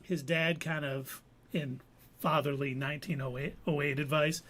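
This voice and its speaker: A man's voice: a little high, fairly even intonation, unhurried, a bit bright. A man co-hosting a casual live show, recapping an episode with playful puns. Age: adult veteran. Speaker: co-host. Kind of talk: casual podcast chat.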